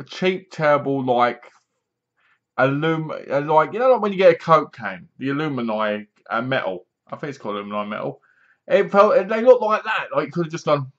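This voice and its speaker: A man's voice: fairly high pitch, a bit bright. A man casually reviewing a horror film, rambling and sarcastic, with many restarts. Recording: dull lo-fi home recording.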